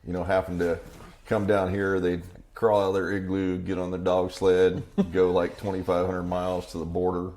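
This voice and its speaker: A deep-voiced man hosts a casual podcast recorded in a garage. He tells stories with plenty of jokes and laughs freely, his voice low and easygoing. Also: completely flat delivery, normal speed, a little mellow. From Idaho. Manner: jokey storyteller, laughs often. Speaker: podcast host. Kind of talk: casual chat.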